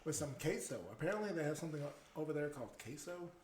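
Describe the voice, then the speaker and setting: Male podcast guest, quick tense delivery, jokey banter, roomy echo. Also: fairly high pitch, animated, a little mellow, slight background noise. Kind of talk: casual chat. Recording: roomy echoey room.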